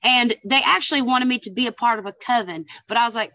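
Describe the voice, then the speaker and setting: A sassy Southern woman chatting as a podcast guest, her voice high and bright. She tells stories with lots of swearing and sprinkles "honey" through every sentence. The sound is close and dry. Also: fast, no room sound. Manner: sassy, calls people honey and girl; swears freely, animated storytelling. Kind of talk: casual chat.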